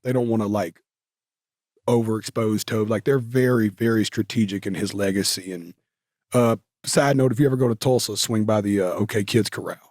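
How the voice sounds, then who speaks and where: A man's voice: on the low side, brisk, a little mellow, no echo, clean studio sound. A man, telling stories casually as an interview guest, with lots of fillers. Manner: drawling Southern talk with many fillers.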